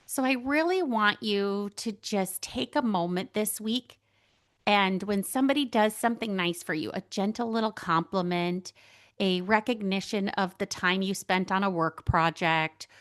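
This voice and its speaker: Woman host, middle pitch, earnest chatty solo podcast talk, lots of fillers. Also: measured pace. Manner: earnest, casual, filler-heavy with many likes. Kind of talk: reflective solo monologue.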